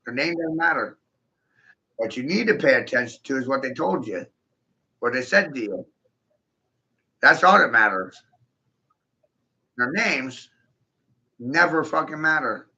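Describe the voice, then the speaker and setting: A man in a profane, aggressive monologue, repeating himself and bursting into shouts. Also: mid-range voice, lively intonation, normal speed, long pauses. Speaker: monologuing video host. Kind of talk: ranting monologue to camera. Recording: dull lo-fi recording.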